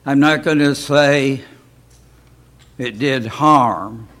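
A man's voice: medium pitch, drawn-out words, fairly bright tone. A man teaching an informal Bible class in a church, talking in a folksy way and often asking rhetorical questions. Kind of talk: informal Bible study talk.

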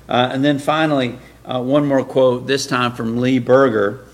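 Male preacher, gravel in the voice, emphatic, poses rhetorical questions to the congregation. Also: medium pitch, fairly even intonation, unhurried, hardly any pauses. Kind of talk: sermon-style lecture.

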